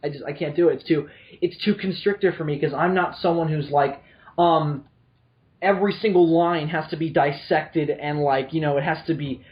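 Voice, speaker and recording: A man's voice: fairly high pitch, moderate pace, lo-fi sound. A young man hosting a podcast, joking and rambling, with a slight lisp. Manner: joking, self-mocking, rambling. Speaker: podcast host. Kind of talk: casual podcast chat.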